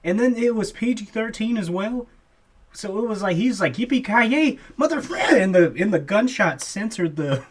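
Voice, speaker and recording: A man's voice: sits high, normal speed. A young man co-hosting a podcast, chatting casually, laughing often and calling his friend "bro.". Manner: laid-back, laughs often, says "bro" a lot. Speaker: podcast co-host. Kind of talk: casual chat.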